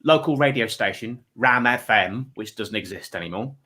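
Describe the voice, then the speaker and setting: A man's voice: lowish voice, expressive, moderate pace, sharp tone. A man in his thirties hosting a comedy panel show, rambling and self-deprecating with stumbling restarts. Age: 30s.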